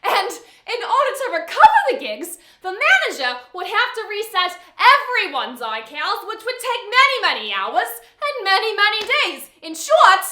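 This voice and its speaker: A woman's voice: very high voice, pitched above the performer's own voice, full character voice. A woman performing a comedic monologue in a New York accent, playing an impulsive young woman fuming over a breakup. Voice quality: animated, exasperated delivery. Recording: echoey room.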